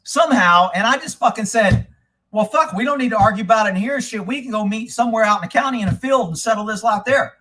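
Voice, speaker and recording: High-voiced man telling rowdy stories. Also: fast, slight background noise. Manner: animated, swears often, acts out quoted people. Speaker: podcast host telling stories. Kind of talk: casual profane storytelling.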